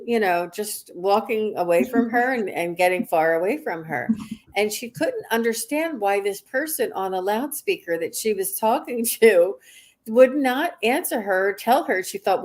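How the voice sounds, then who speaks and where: A woman's voice: medium pitch, expressive, unhurried. A middle-aged woman, a guest psychic, tells a story casually with many fillers and restarts. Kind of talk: casual storytelling on a live stream.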